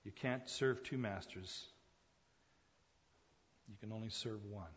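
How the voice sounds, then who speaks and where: A male pastor preaching a sermon dynamically, swinging between loud emphatic calls and hushed asides, repeating phrases for emphasis and addressing listeners as folks. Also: lowish voice, slow. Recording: muffled recording in a long-echo hall.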